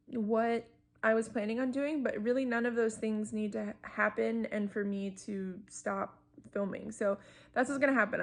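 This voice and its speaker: Chatty young woman with a gravelly edge. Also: on the high side. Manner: chatty, animated, frequent fillers and laughter. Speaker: book vlogger. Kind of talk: casual chat to camera. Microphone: camera mic.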